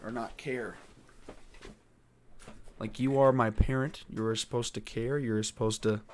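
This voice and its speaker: A man's voice: mid-range voice, fairly even intonation, a little slow. A teenage boy hosting a podcast, venting in a frustrated, rambling way with lots of swearing. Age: teens. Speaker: podcast host. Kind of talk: casual venting monologue.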